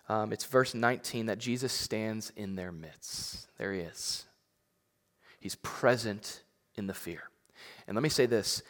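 A pastor giving a sermon in a conversational way, repeating words and building to emphatic, rising peaks. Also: male voice, fairly high pitch, a bit bright, long reverb tail.

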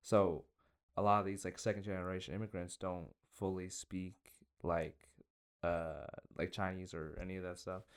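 A young man hosting a casual podcast chat, talking in halting bursts with many restarts and self-deprecating asides. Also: low-pitched, little pitch movement, clean tone. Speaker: podcast host.

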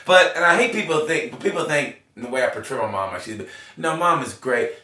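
Cast a man in his forties, bright-toned, telling candid stories in a roomy space off-mic. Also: on the high side, a little fast. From Oklahoma, USA. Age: 40s. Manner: animated, swears freely, laughs often. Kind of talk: candid personal storytelling. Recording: roomy echo, mic at a distance.

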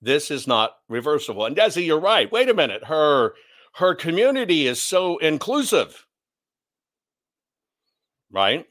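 A man's voice: fairly high pitch, sing-song, unhurried, pauses often, fairly bright tone. Blunt, sarcastic male commentator. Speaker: commentary host. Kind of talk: opinionated commentary.

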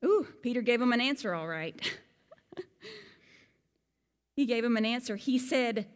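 A woman giving a Bible lesson, animated and fond of rhetorical questions. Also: fairly high pitch, normal speed, long pauses, in a large hall. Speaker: Bible teacher. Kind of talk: sermon-style Bible lesson.

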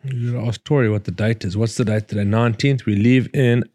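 A man's voice: lowish voice, fairly even intonation, quick pace, warm tone, no room sound. A man, a safari hunting outfitter, talking bluntly and joking in a casual chat.

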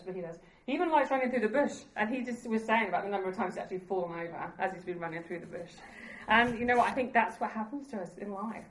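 A woman's voice: mid-range voice, roomy sound, poor audio. A woman preaching a sermon in an earnest, conversational way, laughing at herself now and then.

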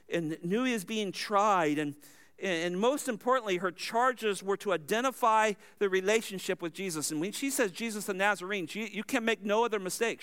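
Male preacher, high clear voice, teaching a sermon verse by verse, explanatory with asides. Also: a bit bright.

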